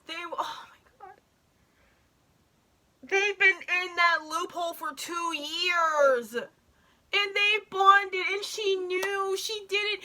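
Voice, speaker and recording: A woman gushing excitedly in casual commentary as she reacts to a show, swearing and breaking off mid-sentence. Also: extremely high pitch, very slow.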